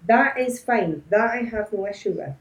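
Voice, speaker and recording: A woman's voice: on the high side, moderate pace, reverberant, a crowd in the background, poor audio. A woman in a casual panel discussion, speaking emphatically. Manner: emphatic, animated when making a point.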